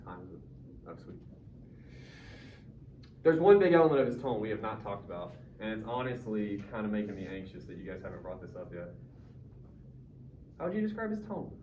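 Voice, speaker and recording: A man's voice: fairly low pitch, sing-song, a little fast, long pauses, mellow. A male teacher leading a casual, joking class discussion and quizzing his students. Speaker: high school English teacher. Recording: roomy classroom from far off, dull, faint noise.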